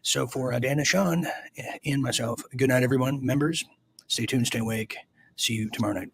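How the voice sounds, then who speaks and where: A man's voice: medium pitch, normal speed, creaky, breathy edge. A man hosting a casual live stream, joking with a caller and stammering through restarts, hot and sweating. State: sweating from heat. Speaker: host.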